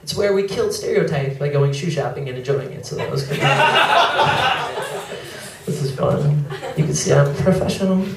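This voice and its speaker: A man's voice: on the high side, animated, very noisy. Young male stand-up comic, sheepish and apologetic, heard from a distance in a reverberant room. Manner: self-deprecating, apologetic asides, quick mimicry of others. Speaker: stand-up comedian. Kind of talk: stand-up comedy set. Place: comedy club stage. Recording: echoey club, mic heard from afar, crowd laughter. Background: audience laughing.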